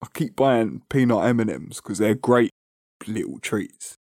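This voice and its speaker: A man's voice: lowish voice, animated, unhurried, darkish tone, no room sound, studio quality. A young man with a London accent co-hosting a podcast in casual, slangy banter, swearing freely and laughing often. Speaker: podcast co-host.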